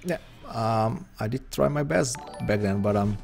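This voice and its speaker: A man's voice: on the low side, lively intonation, a little slow, vocal fry, darkish tone, soft background music. A man chatting loosely with viewers while streaming an online poker game, rambling and self-deprecating. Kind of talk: live-stream chat while playing.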